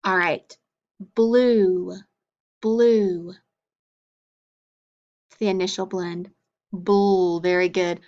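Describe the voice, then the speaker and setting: A woman teaching a phonics drill, slowly and clearly sounding out letters and blends, with frequent encouraging praise. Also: fairly low pitch, a little mellow, lo-fi sound.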